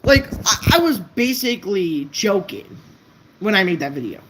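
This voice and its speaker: A woman's voice: mid-range voice, sing-song, moderate pace, a bit bright, a little hiss or hum, low-quality recording. Blunt, profane woman vlogger ranting. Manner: blunt, profane, stumbling over words. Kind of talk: unscripted rant to camera.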